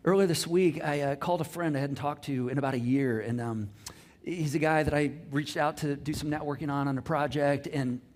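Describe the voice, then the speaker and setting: A man's voice: a little high, fairly even intonation, fairly quick, a little mellow. A middle-aged man preaching a sermon, telling stories with many restarts and quoted conversations. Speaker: pastor.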